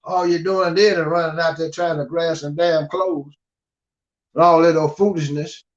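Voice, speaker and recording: A man's voice: a little high, fairly even intonation, moderate pace. An older man from the United States gives a blunt, scolding monologue and keeps asking "you understand?". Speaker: guest speaker. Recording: dull lo-fi audio.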